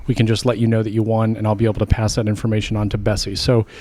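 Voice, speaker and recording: A man's voice: lowish voice, level tone, racing, dark tone. A man co-hosting a casual podcast, upbeat and chatty as he runs through a giveaway and listener comments. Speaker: podcast co-host.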